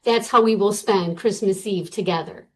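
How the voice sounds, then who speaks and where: A middle-aged woman guest telling a personal story in a casual, animated way, with many fillers. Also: mid-range voice, normal speed, slight background noise, low-quality recording.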